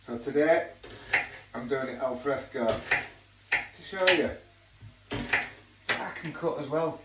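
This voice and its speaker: Cooking at home in his kitchen, a Yorkshire man with a mid-range voice talks slowly and casually, drifting into jokey tangents. He's a home cook vlogger with a Yorkshire English accent. Sound is noisy and echoey, captured by a distant mic.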